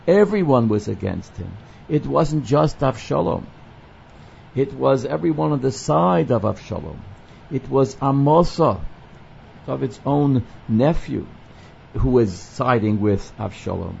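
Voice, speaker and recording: Male Torah teacher, gravelly and mellow, readings, explanatory lesson delivery, dull lo-fi recording. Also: medium pitch. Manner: explanatory, quotes the Hebrew text and then translates it. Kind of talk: verse-by-verse scripture lesson. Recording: dull lo-fi recording with faint noise.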